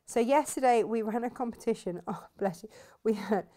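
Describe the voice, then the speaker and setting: A woman talks viewers through a sewing project. Her delivery is chatty and enthusiastic. She thinks aloud as she works, at a mid pitch typical for a woman. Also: normal speed, dark tone. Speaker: craft shop host demonstrating sewing. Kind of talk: live sewing demonstration.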